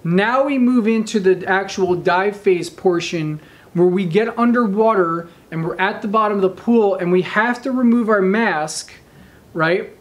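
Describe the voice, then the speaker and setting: A man in his thirties telling a story in casual talk, animated and often checking in with his listeners. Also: sits high, unhurried. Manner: animated, addresses listeners with "right?" and "okay?". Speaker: speaker telling a training story.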